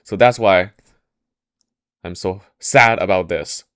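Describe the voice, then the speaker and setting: A man's voice: low voice, takes it slowly, smooth, no room sound, clean studio sound. A man doing a troubled old court minister. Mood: secretive. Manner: hushed, confiding, then angry. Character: troubled older male court minister, grieving and indignant. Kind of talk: casual storytelling.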